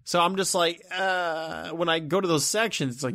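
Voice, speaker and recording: A man with a fairly high voice rants into the camera in a vlog. He rambles and sounds exasperated, swearing freely and letting his words trail off into low mumbles. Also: quick pace, a bit bright. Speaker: vlogger. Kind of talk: ranting vlog.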